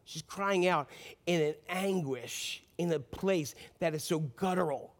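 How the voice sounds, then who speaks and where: Addressing his flock head-on, this high-voiced pastor preaches with fervent sincerity and an unhurried pace, continually asking the congregation questions along the way.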